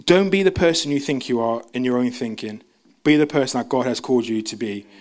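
A young man gives a relaxed sermon in a church. His talk is chatty and full of restarts. He jumps into a higher voice when he plays out the people in his stories. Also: fairly quick. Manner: chatty, self-interrupting, acts out quotes in a high voice. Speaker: preacher. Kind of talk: casual sermon.

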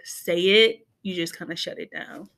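Bright-voiced woman, blunt and teasing. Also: on the low side, normal speed. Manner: blunt, teasing, animated storytelling with quoted asides. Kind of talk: casual chat.

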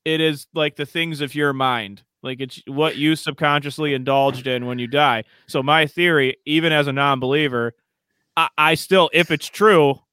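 A man from Michigan with a bright, forceful voice pitched a little high, spinning a rambling, profane comic story on a podcast. He acts out every voice in the tale. His voice is dry and close on the mic, with no room sound. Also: fairly even intonation, normal speed, smooth, dry recording. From Metro Detroit, Michigan. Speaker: podcast co-host. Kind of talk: casual podcast chat.

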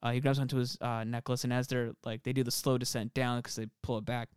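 A young man rambles through casual podcast chat, stacking fillers and swearing freely. His voice is smooth and resonant, recorded close and dry. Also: medium pitch, level tone, quick pace, no echo. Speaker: podcast co-host.

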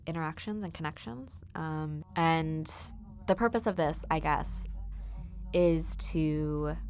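A young woman hosts her own podcast in a loose, chatty monologue, with plenty of ums and easy storytelling. Her voice sits a little low for a woman. Faint music plays underneath. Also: slow. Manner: chatty and warm, many ums, laughs while telling stories. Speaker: podcast host. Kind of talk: casual solo podcast monologue.

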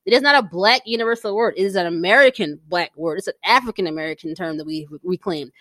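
A woman co-hosting a casual podcast, talking in an animated, blunt and slangy way. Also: lowish voice, quick pace, no echo, clean studio sound. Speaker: podcast co-host.

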